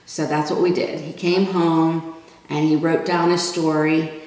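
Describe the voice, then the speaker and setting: A middle-aged woman with a lowish voice tells a personal story in a relaxed, plain-spoken way. The recording is very echoey, with the mic set well away from her. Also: a little slow. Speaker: family member telling a personal story. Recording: very echoey room, mic far off.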